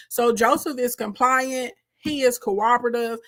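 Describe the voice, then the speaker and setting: A woman giving a lively, slangy, humorous Bible retelling, calling her listeners girl and baby. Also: on the high side, moderate pace. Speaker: Bible storyteller.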